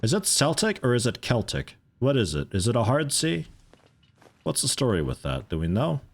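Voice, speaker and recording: Laid-back male streamer with lively pitch. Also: brisk, creaky, breathy edge. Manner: rambling, laid-back, swearing, chuckling. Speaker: streamer playing a video game. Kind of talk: casual let's play commentary.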